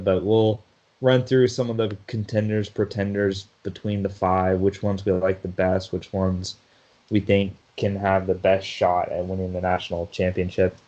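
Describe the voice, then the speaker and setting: Man, low voice, chatty sports podcast host, laughs a lot, dull lo-fi sound. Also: mellow. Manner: chatty, laughs often, restarts mid-sentence. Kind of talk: casual sports talk.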